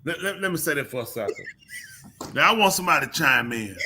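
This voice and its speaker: Animated man telling a story. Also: on the high side, fast. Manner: animated storytelling with loud laughs. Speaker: co-host. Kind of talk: casual live call-in banter.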